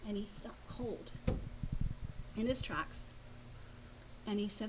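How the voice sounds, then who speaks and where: A woman painter, a guest in an interview, telling a story in a halting way, with many pauses and restarts. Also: medium pitch, very noisy.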